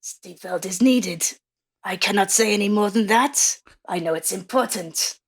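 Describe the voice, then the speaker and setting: A woman's voice: mid-range voice, a little slow, breathy edge. A woman playing a tabletop game in character, hesitant and stammering. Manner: hesitant, stammering, mildly sheepish. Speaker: player.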